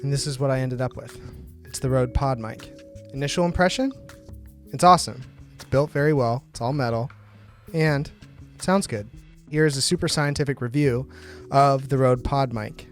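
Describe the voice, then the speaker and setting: A man hosts a microphone review vlog, talking in an offhand, chatty way into a podcast mic close to his mouth and reading test phrases aloud. His mid-range voice moves at a moderate pace over soft background music.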